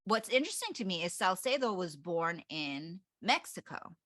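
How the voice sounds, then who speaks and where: A woman co-hosting a casual book club podcast, her voice bright and somewhat low for a woman. She reads passages aloud with hesitant fillers. The recording is dry and close. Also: sing-song, normal speed, no echo. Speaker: podcast co-host.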